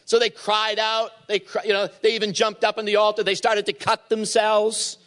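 A man's voice: high voice, monotone, normal speed, a bit bright. A man preaching a sermon as pastor, retelling a Bible story and acting out the voices in it.

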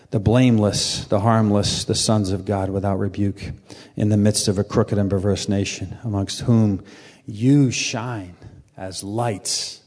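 A man preaching a sermon, swinging from fervent, raised questions to quiet, soft-spoken reflection. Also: lowish voice. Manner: passionate, with sudden rises and soft drops. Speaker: pastor. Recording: long hall reverb.

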